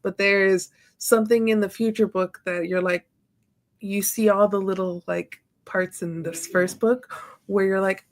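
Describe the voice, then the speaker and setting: A woman's voice: mid-range voice, steady tone, unhurried. A woman co-hosting a book club podcast, chatting casually, laughing often and explaining eagerly. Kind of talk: casual chat.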